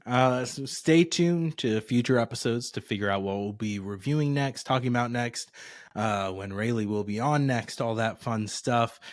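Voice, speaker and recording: A man's voice: medium pitch, normal speed, dry recording. A man hosting a podcast in a loose, cheerful way, running through a sign-off with casual swearing. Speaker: podcast host. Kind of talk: casual chat. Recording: dry close sound.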